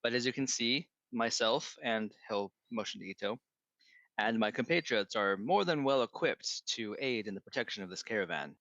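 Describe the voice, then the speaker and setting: A formal soldierly beastfolk sergeant speaks in a low, proper voice, as a man puts him on. Every word is measured and correct. The recording sounds dull and lo-fi. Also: expressive, a bit bright, dry recording.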